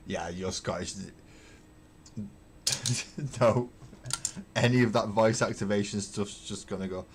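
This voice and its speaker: A man hosting a casual livestream while painting miniatures, rambling wryly and thinking out loud as he answers viewer comments from his hobby room at home. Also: lowish voice, unhurried, long pauses, slight background noise. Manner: rambling, wry, thinks aloud with fillers. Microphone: webcam.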